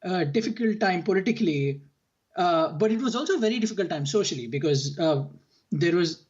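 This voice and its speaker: Husky reflective man on a lo-fi mic. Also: high voice, expressive, fairly quick, darkish tone. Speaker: podcast co-host. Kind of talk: casual podcast chat. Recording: dull lo-fi mic.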